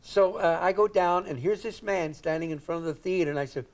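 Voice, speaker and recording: A man's voice: high-pitched, a little fast, darkish tone. An older man from Indiana, a guest comedian, telling rambling anecdotes with chuckles and acted-out quotes. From Indiana, United States. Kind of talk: anecdotal talk-show storytelling.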